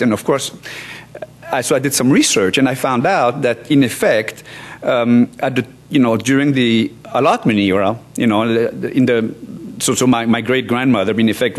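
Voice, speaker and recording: Halting older man giving a conference talk. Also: medium pitch. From France. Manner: halting, many restarts and fillers, wry asides. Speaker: law professor. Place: conference hall.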